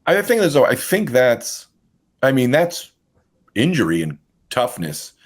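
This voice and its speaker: A man co-hosting a podcast, telling a profane, animated story in casual chat. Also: medium pitch, takes it slowly. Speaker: podcast co-host.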